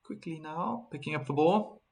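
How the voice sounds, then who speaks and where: A South African man commentating a tennis match live, with a slightly higher-than-usual voice. He chats casually, reads viewers' messages aloud and bursts with excitement at key moments. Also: normal speed, gravelly. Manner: chatty, reads viewer chat messages aloud between calls; bursts of excitement on big points.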